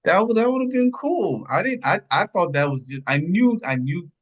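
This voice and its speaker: A man co-hosting a podcast, chatting casually about a film, rambling and searching for words, his pitch jumping up when surprised. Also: very animated, moderate pace, dull audio. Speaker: podcast co-host. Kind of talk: casual film review chat.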